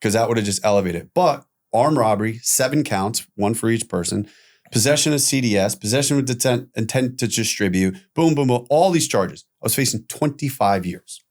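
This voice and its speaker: Animated man telling his story candidly. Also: mid-range voice, fairly quick. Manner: animated, acts out quoted voices, swears casually. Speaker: podcast guest.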